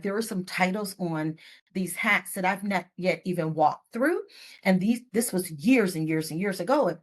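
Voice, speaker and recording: A middle-aged woman author telling stories in a podcast interview, expressive and playful with asides. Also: mid-range voice. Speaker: guest author. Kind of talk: podcast interview, casual storytelling.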